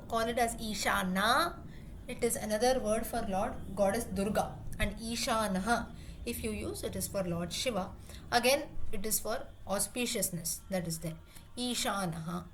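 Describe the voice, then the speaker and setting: A woman leads a lesson, going over each word patiently and restating it in different ways. Her voice sits a little high, and a faint hiss runs under the recording. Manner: patient, repeats terms and pauses to rephrase. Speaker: Sanskrit teacher. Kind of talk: explaining word meanings in a class.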